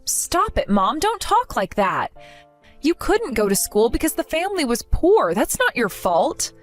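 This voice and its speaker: A young adult woman plays a jilted bride, hurt but determined, speaking earnestly and with strong emotion in a tearful mood. Her high voice is very animated yet unhurried, with faint music in the background.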